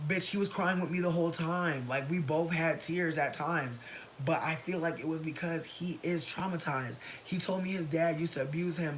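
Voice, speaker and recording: A man's voice: a bit bright, poor audio. A man casually telling a personal story to his livestream viewers, sassy and dramatic, with slangy asides. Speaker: livestream host. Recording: low rumbling background noise.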